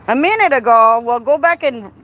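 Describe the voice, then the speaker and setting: A woman's voice: sits high, a bit bright. A woman chatting casually to her viewers while working on her car outdoors, playful and talkative. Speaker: vlogger. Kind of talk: casual live-stream chat. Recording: outdoor recording with clear background noise.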